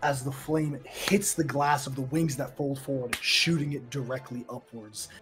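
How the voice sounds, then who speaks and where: A man narrating a tabletop game as game master in a descriptive, measured storytelling manner. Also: medium pitch, steady tone, over music.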